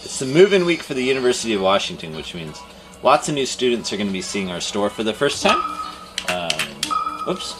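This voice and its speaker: A man's voice: mid-range voice, fairly quick, over music. A man who owns a game store, chatting casually on a livestream and rambling through stories. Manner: rambling storyteller, laughs and animated quoting. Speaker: game store owner and streamer.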